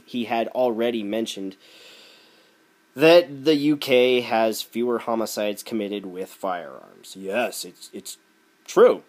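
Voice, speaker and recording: A man's voice: medium pitch, animated, unhurried, darkish tone. A man delivering a sarcastic, ranting opinion commentary. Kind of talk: opinion rant video.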